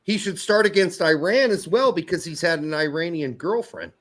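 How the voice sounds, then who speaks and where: A man co-hosting a soccer podcast, talking in loose, joking banter that drifts into asides and cheerful swearing. His voice sits fairly high, and his pitch swings widely as he talks. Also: lively intonation, normal speed.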